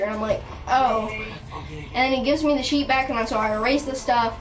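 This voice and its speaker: A woman's voice: on the high side, fairly even intonation, moderate pace. Rambling indignant girl, mic at a distance. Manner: rambling, many restarts and fillers. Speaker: storytime vlogger. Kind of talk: casual storytime rant. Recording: voice from a distance with clear background music.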